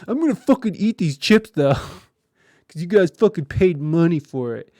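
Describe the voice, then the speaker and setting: Man putting on a shrill angry young woman, swearing and defiant, dry close sound. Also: big pitch swings, normal speed, dark tone, no room sound.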